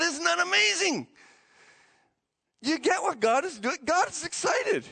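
A man preaching a sermon, telling the story with animated, excitable energy and frequent restarts. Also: very high voice, measured pace, gravelly, long pauses, poor audio. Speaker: pastor.

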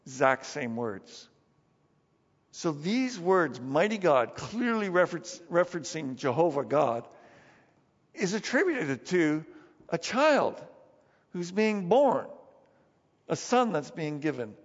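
A man with a high voice preaching a sermon in a church hall with long reverb. He is lively and talks casually, acting out the scenes he tells. The sound is dull. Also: takes it slowly, pauses often. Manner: animated, acts out Bible scenes. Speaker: pastor.

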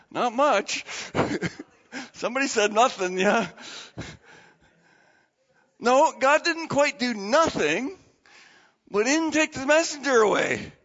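A male pastor giving an animated, dramatic sermon in a church and asking the congregation questions. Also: very high-pitched, takes it slowly, long pauses, long reverb tail, dull audio.

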